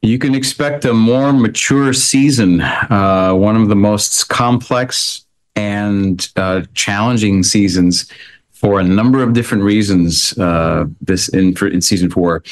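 Man, low voice, halting, interview guest. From American. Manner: halting, many restarts and fillers. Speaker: actor guest. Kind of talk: interview answers.

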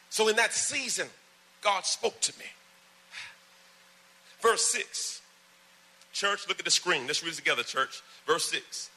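A man with a high, very bright and forceful voice preaches to his church. He pulls the congregation into call-and-response, climbs to loud, fervent emphasis, then drops back into easy storytelling asides. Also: animated, measured pace, pauses often. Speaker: pastor.

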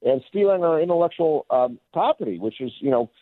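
A male commentator talking on the phone, animated and insistent, with many fillers. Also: on the high side, fairly quick, no echo. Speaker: guest commentator. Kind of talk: opinionated phone interview. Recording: tinny phone line.

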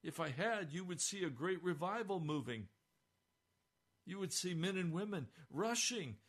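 An older man preaches a sermon, slow and deliberate, his voice sitting a little high for a man. He swings between hushed appeals and loud, impassioned cries. His voice sounds almost hoarse. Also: lively intonation. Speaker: pastor.

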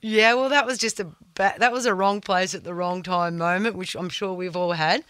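A woman's voice: mid-range voice, steady tone, moderate pace, a bit bright, clear, resonant tone, no room sound. Blunt woman telling stories. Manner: vivid, blunt storyteller who swears freely. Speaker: guest, surfer. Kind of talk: casual podcast storytelling.

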